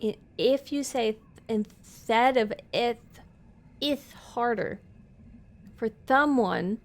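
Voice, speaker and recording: Girl streaming a game live, kinda high voice, reads the dialogue out loud and chats with viewers in between. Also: slow pace. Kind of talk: live let's play commentary.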